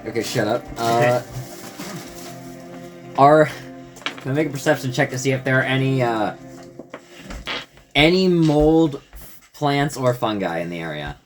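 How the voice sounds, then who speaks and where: A man's voice: medium pitch, expressive, measured pace, pauses often, soft background music. A man playing in a tabletop game, with a dry, sardonic manner. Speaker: player. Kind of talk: casual play at a tabletop game.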